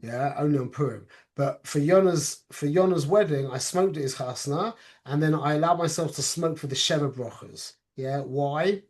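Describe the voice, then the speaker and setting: A man's voice: on the high side, moderate pace, a little mellow. A man teaching an informal spoken class on a religious topic. He talks conversationally, keeps checking in with "yeah?", and mixes Hebrew and Yiddish terms into his English.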